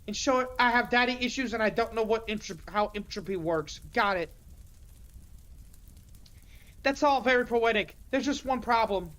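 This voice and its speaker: A woman's voice: a little high, brisk, a bit bright, close to an everyday voice. A woman voicing a defiant young woman hostage with a sarcastic, profane way of talking.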